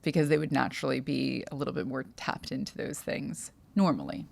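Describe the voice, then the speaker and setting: A young adult woman co-hosts a casual podcast chat. Her voice sits low with a gravelly, fry-tinged edge. She speaks in a thoughtful, halting way, trailing off and restarting her sentences as she works through ideas. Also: animated, a little mellow. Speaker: podcast co-host.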